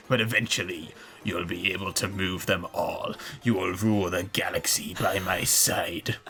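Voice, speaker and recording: A man voicing a scheming old farm woman in a raspy, smoker-like, emperor-style villain voice. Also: lowish voice, sharp tone, voice pushed down. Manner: menacing, drawn-out villain delivery.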